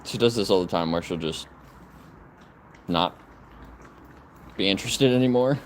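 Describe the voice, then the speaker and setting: A man's voice: sits low, normal speed, pauses often, a little hiss or hum. A man vlogging casually outdoors in his yard, rambling about his dogs and calling out commands to them in a raised sing-song voice. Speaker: vlogger and dog owner. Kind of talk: casual chat to camera.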